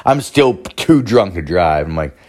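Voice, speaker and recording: Man, low voice, casual rambling storyteller, heavy swearing; brief: crude anecdote teller. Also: very animated, unhurried, a little mellow. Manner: rambling, swears constantly, acts out quoted voices.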